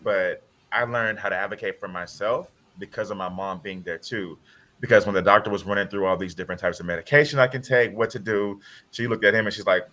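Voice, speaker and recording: Deep, bright-voiced man telling his story. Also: steady tone, a little fast. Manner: earnest, heartfelt retelling with quoted dialogue. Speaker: panelist. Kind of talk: personal storytelling in a panel discussion.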